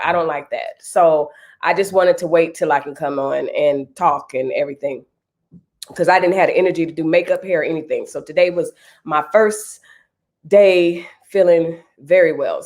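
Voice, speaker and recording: Host, woman, thirties, congested and nasal, chatty and a touch low-voiced. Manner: chatty, greets viewers by name. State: stuffy, nasal from a cold. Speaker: live stream host. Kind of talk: casual live chat.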